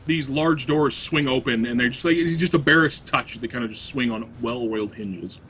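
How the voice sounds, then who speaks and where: A man acting as game master narrates a tabletop game, describing scenes in a rambling, hesitant way full of fillers. His medium-pitched, fairly bright voice moves at a moderate pace, with slight background noise.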